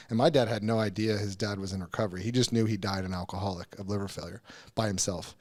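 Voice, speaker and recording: A man's voice: on the low side, fast, a little mellow. A man as a podcast guest, telling a personal story in a candid, earnest way, often restarting his sentences and swearing casually.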